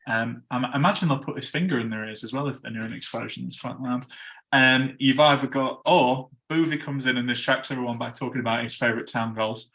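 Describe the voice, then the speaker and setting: A man's voice: mid-range voice, steady tone, fairly quick, bright, forceful tone. A man hosting a casual podcast chat, chatty and laughing at his own slip-ups. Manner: chatty, stumbles over ad reads and laughs at himself. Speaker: podcast host.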